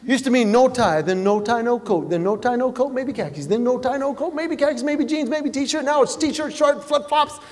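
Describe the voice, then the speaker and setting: A man's voice: extremely high pitch, lively intonation, normal speed, few pauses, big-room sound. A middle-aged man performing a stand-up comedy routine, telling stories and jumping into exaggerated voices for punchlines.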